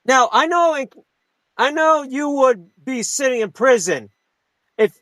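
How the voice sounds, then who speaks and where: A man's voice: very high-pitched, animated, takes it slowly, a bit bright, dry recording, rough recording. A man hosting a live talk radio show, delivering a heated, profane monologue full of restarts and asides.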